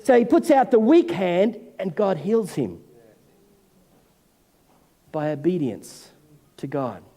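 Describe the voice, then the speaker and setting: A man, senior pastor, preaching a sermon in an animated way and acting out the voices of figures from scripture. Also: high voice, takes it slowly. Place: church hall. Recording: long hall reverb.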